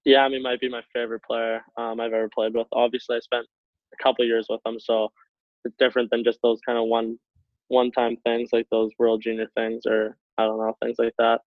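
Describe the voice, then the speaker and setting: A young man from Canada tells stories in a relaxed, chatty way, often laughing between words. His voice comes through a tinny, phone-like call line with a dry, close sound and a middle pitch. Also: brisk, no room sound. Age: young adult. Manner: laughs often while telling stories, relaxed, filler-heavy. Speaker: guest, hockey player. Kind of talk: casual storytelling. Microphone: call over internet.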